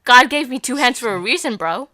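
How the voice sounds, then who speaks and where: A woman's voice: a little high, lively intonation, fairly quick, bright, forceful tone, no room sound. A young woman co-hosting a podcast in casual chat, blunt, teasing and slangy. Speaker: podcast co-host.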